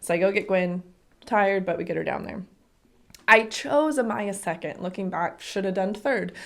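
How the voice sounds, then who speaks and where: A woman's voice: mid-range voice, moderate pace, vocal fry. A woman in her thirties, a podcast co-host, telling a story in casual chat and acting out the quotes. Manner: animated, acts out quotes, laughs often.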